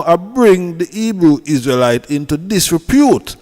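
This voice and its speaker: A man's voice: sits high, big pitch swings, unhurried, hardly any pauses, darkish tone, long reverb tail. A man with a Jamaican accent who scolds and preaches in a heated commentary rant, repeating himself. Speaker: online commentator.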